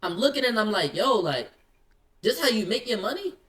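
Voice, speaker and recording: A man telling a story in casual slang, acting out both sides of an argument in quick quoted lines. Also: high-pitched, very animated, fairly bright tone.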